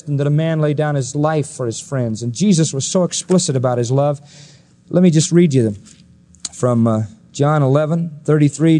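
Male preacher, sermon delivery, emphatic, rhetorical questions, big pitch swings. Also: dark tone. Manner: emphatic, asks the audience rhetorical questions, swings between high and low pitch.

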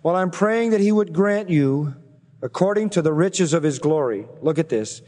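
Pastor, male, expository sermon, emphatic delivery, somewhat high voice, long hall reverb. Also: animated, moderate pace, a little mellow. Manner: emphatic preaching, voice climbing on key phrases.

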